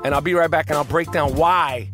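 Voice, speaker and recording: Faint music plays behind a man whose voice sits on the high side, fairly quick and a bit bright. Hosting a sports podcast, he reads an ad in a profane, rambling, brash manner, tossing in "okay?" again and again.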